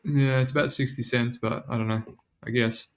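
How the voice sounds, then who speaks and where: Kiwi guy hosting a podcast, middle pitch, loose slangy chatter. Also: fairly even intonation, moderate pace, slight background noise. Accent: New Zealand. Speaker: podcast host. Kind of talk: casual betting podcast chat.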